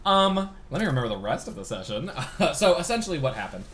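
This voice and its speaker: A player casually recapping the last tabletop session, rambling and animated. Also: medium pitch, fast, slight background noise.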